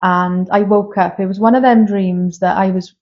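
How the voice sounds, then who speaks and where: A woman's voice: medium pitch, steady tone, moderate pace. A woman in her thirties, a guest medium, telling candid and emotional personal stories in a casual interview. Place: castle room, filmed live. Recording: slightly dull lo-fi sound.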